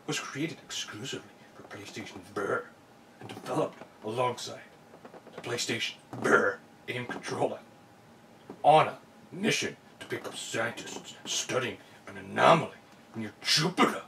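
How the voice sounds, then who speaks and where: A man's voice: mid-range voice, expressive, normal speed, gravelly. A man doing a sarcastic unboxing vlog, ranting about the packing and mocking the product text. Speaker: unboxing vlogger. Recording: distant mic, noisy room.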